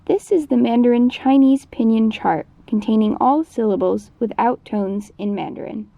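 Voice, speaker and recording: Gravelly, mellow-voiced woman teaching. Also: a little high, moderate pace. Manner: patient, explanatory instruction. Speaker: Mandarin teacher. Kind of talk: recorded lesson narration. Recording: dull lo-fi recording.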